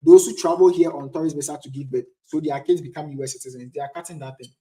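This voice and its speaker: This young Ghanaian man, in his twenties, talks fast with a mellow voice on the high side and fairly even intonation. He hosts a casual live-stream chat where he answers viewer questions.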